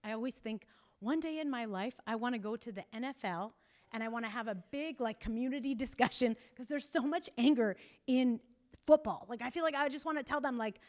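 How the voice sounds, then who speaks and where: A woman couples therapist talks to a group at a church meeting. She is animated and emphatic, acts out quotes and laughs now and then. Her voice sits a little high. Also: fairly quick. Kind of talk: casual talk to a group.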